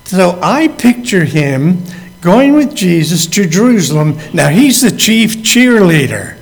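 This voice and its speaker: A man's voice: sits high, big pitch swings, slow pace, gravelly. A man preaching a sermon, acting out the figures in the story as he tells it. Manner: acts out the quoted speakers as he tells the story. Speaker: pastor. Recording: long hall reverb.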